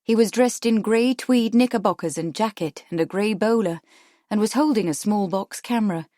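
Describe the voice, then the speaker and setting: A woman's voice: mid-range voice, normal speed, no room sound. Woman narrating a mystery, dry sound. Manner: steady storytelling reading. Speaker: audiobook narrator. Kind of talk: scripted narration.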